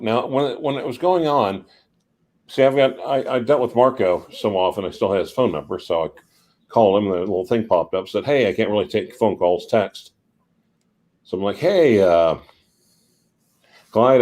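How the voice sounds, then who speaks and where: A man chatting on a livestream, calmly recounting what he has heard. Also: on the low side, moderate pace. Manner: easygoing storyteller, relaxed. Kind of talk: casual livestream chat.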